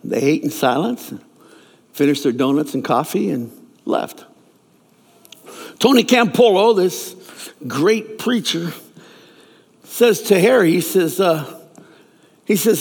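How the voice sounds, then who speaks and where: A man's voice: a little high, animated, takes it slowly, pauses often, darkish tone, breathy edge. A man preaching a sermon, telling a story and acting out the characters' lines in raised voices. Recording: long reverb of a large hall.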